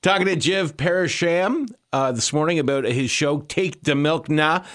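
A man's voice: a little high, animated, moderate pace, a bit bright. A male radio host interviewing a guest in a conversational way and promoting the event.

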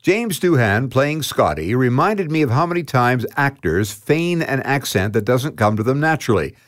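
A man delivers a short scripted radio commentary in a wry, chatty way. His pitch moves a lot as he talks. The sound is dry and close, with no room echo. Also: sing-song, moderate pace. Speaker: host of a short talk segment.

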